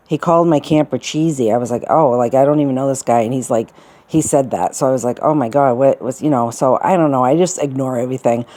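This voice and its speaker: A woman's voice: a bass voice, mellow. A middle-aged woman telling a personal story in a casual, rambling way, full of restarts and fillers. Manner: rambling, many restarts and fillers, quotes people in put-on voices.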